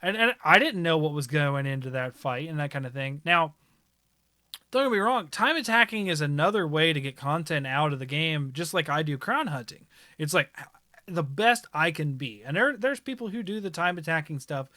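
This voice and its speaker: A man hosts a casual talk stream. His voice is bright and a bit higher, with a dry close sound, and he picks his words with care. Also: expressive, moderate pace, no room sound. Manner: thoughtful, rephrases himself. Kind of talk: casual chat.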